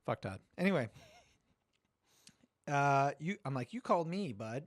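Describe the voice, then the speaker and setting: A middle-aged man hosting a podcast, telling a story in casual chat, animated, swearing and acting out quotes. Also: on the high side, unhurried, no echo. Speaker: podcast host.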